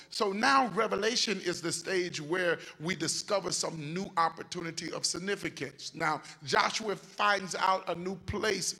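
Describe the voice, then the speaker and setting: A man's voice: high voice, a little slow, vocal fry, hardly any pauses, sharp tone, breathy edge, poor audio. A bishop preaching a sermon to his congregation in a church, fervent and repetitive, calling out to the people in the pews. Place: church sanctuary.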